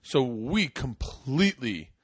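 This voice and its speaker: A man's voice: medium pitch, takes it slowly, husky, no room sound, clean studio sound. A man in his forties hosting a podcast, telling profane stories in casual chat. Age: 40s. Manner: animated, profane storyteller. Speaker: podcast host.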